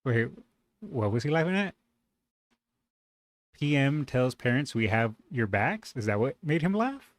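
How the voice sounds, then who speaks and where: A man's voice: mid-range voice, big pitch swings, measured pace, long pauses, no room sound. A man hosting a reaction video, commenting casually with sarcasm and indignant rhetorical questions.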